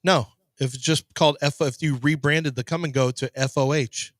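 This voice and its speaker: A man's voice: a little high, fairly even intonation, moderate pace, no echo. A man co-hosting a sports radio show in a studio, joking and riffing in casual banter. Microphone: studio microphone.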